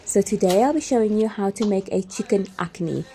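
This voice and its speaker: A woman's voice: mid-range voice, brisk, mellow. A woman giving a chatty, step-by-step cooking tutorial voice-over. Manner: chatty, step-by-step instructions with light laughs. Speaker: cooking vlogger. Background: background music.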